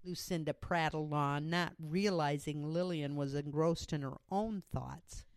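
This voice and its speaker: A woman narrating a story in a measured storytelling manner for an audiobook. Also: sits low, dry recording.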